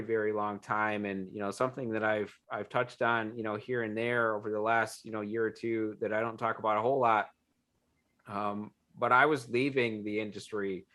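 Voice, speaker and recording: A man's voice: on the low side, a bit bright. A man speaking earnestly as an interview guest, reflective and full of fillers, over a video call. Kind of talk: casual interview talk.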